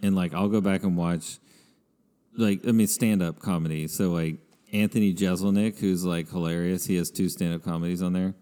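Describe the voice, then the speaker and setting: A man's voice: deep voice, fairly even intonation, moderate pace, warm tone, in a large hall. A man hosting a podcast in casual chat, rambling with many fillers. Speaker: podcast host.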